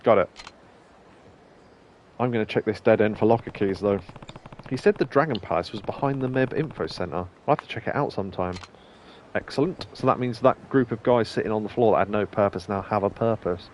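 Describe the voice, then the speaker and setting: A man's voice: fairly low pitch, fairly quick, darkish tone, a little hiss or hum. A young man streaming a game, reading its dialogue aloud between rambling, chuckling asides. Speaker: let's play streamer. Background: faint game music.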